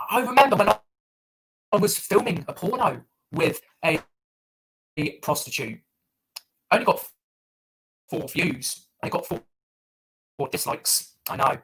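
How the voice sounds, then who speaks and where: A man's voice: high voice, gravelly, a bit bright, slightly rough, rough recording. A man doing crude, rambling improvised stand-up over an online call, full of fillers and hesitations. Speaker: stand-up comedian.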